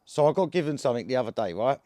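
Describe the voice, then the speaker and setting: A man's voice: medium pitch, animated, racing, mellow, no echo. A man with an Essex accent, telling a story to camera in a casual, rambling way, full of slang and restarts. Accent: Essex English. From England. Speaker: cannabis vlogger.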